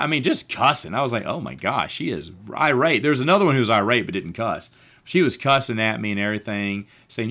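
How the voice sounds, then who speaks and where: A man's voice: mid-range voice, animated, fast talker, a bit bright. A man telling a long personal story late at night, rambling and restarting his sentences. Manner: rambling, restarts often, says he is tired. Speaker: podcast host. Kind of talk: casual storytelling monologue.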